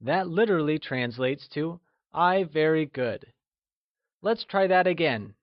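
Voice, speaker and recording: A man narrating a scripted language lesson, slow and encouraging, with deliberate explanations. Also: fairly high pitch, expressive, no room sound, dull audio. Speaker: language teacher.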